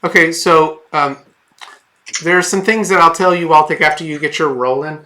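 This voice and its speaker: A man's voice: a little high, fairly even intonation, normal speed, sharp tone. A man running a tabletop game as game master, narrating in a rambling, hesitant way with many fillers and restarts.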